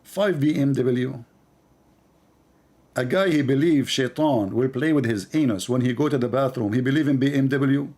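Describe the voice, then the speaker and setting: A man hosting a live stream, talking in a mocking, animated way with sudden drops to a mutter. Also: medium pitch, moderate pace.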